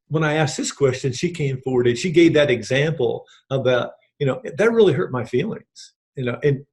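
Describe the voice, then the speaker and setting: A middle-aged man gives an earnest, rambling personal testimonial, acting out quoted conversations along the way. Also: fairly high pitch. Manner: earnest and rambling, with many restarts and acted-out quotes. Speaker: program participant giving a testimonial.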